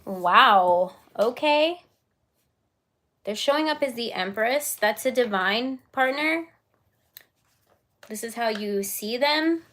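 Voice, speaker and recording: A woman's voice: on the high side, lively intonation, slow pace, long pauses, fairly bright tone, slight background noise. A woman giving a casual live-stream tarot reading, chatty and giggly with lots of fillers.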